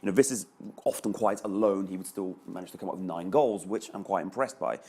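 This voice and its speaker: A man's voice: low voice, fairly quick, a little mellow, husky. A man, a panelist chatting analytically on a sports show. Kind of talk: panel discussion.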